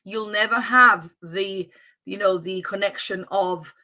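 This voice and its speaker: A woman hosting a live stream as a fitness coach, giving an energetic, motivational pep talk with frequent restarts. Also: mid-range voice, unhurried.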